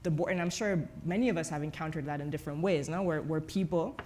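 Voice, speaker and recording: A woman who grew up in Spain, speaking with a Spanish accent as a guest in a relaxed on-stage book conversation, tagging her sentences with "no?" and restarting often. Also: low voice, quick pace, slight background noise. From grew up in Madrid, Spain. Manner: frequent tag "no?", many restarts. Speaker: journalist and author guest. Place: event stage before audience.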